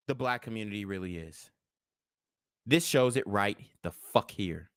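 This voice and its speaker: A man's voice: lowish voice, lively intonation, moderate pace, a bit bright, dry recording, studio quality. A young man hosting a livestream commentary show, talking in a heated, blunt, profane way. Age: young adult. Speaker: commentary channel host.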